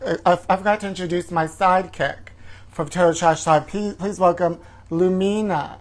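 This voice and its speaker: A man's voice: sits high, fairly even intonation, normal speed. A man hosting a comedic gossip show, campy and sassy, calling listeners honey. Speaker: host. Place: home livestream.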